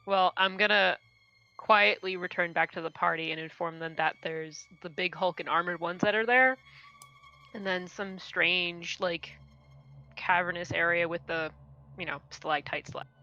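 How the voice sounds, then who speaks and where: Woman player, relaxed table talk, low-ish voice, talks fast and easy. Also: highs cut off. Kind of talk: casual chat.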